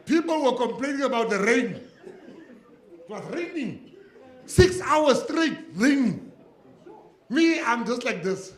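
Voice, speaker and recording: A man's voice: very high voice, animated, slow pace, long pauses. A South African man, a government minister, giving a humorous speech and telling jokey stories to a laughing audience. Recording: echoey hall with audience laughter.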